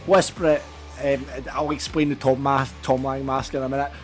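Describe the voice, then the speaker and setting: A Scottish man hosting a fan podcast in a casual, jokey, rambling way, his voice hoarse and nearly gone. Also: mid-range voice, level tone, moderate pace, faint music behind. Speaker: podcast host.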